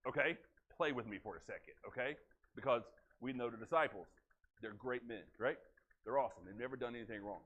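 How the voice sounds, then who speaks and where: A man preaching a sermon in a church, telling the story in a folksy, animated way. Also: medium pitch, highs cut off. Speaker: pastor. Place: church sanctuary.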